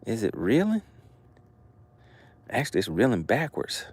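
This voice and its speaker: A man's voice: medium pitch, wildly swooping pitch, a little slow, slightly rough. A man hosting a live fishing stream outdoors, reading viewer chat aloud and teasing them playfully. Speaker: fishing livestream host. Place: outdoors by the water.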